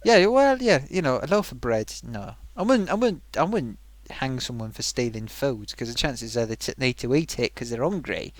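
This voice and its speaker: A man's voice: mid-range voice, lively intonation, moderate pace, hardly any pauses, no room sound. A man hosting a live stream, chatting casually and rambling, laughing often. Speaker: livestream host.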